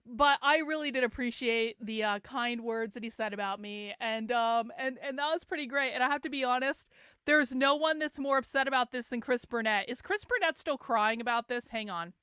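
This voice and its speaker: A woman's voice: sits high, bright, forceful tone, smooth, dry recording, studio quality. A woman host talking casually and animatedly on her livestream, laughing often and admitting she is hungover. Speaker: show host.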